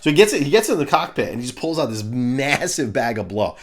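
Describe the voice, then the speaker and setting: A man's voice: medium pitch, quick pace, music in the background. Ranting middle-aged man reviewing cartoons. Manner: ranting, animated, crude. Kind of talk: comedic rant review.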